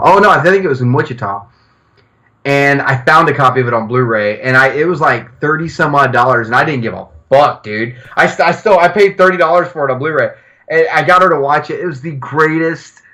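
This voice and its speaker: A male podcast co-host in casual chat, with a bright, forceful voice. He tells stories with lots of energy, swears often and slips into quoted voices. His pitch sits in the middle for a man. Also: rough recording. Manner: animated storytelling, swears freely, acts out quotes.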